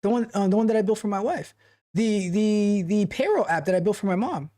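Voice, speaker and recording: With a high-pitched, expressive, warm voice and a brisk pace, the livestream host coaches coding viewers. He drives points home by circling back on phrases, keeps the tone motivational, chats casually in between, and reads out chat comments.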